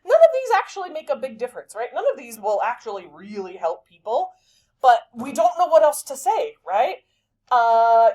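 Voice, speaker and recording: A woman teacher giving a lively, chatty vocabulary lesson to her class. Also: on the high side, normal speed.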